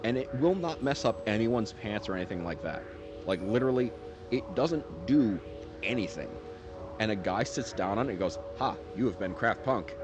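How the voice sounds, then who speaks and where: A deep, low male voice that swings around a lot in pitch as he rambles. He is a gaming streamer chatting casually over his gameplay with loud game music playing behind him. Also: animated, moderate pace. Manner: rambling, laughing storyteller.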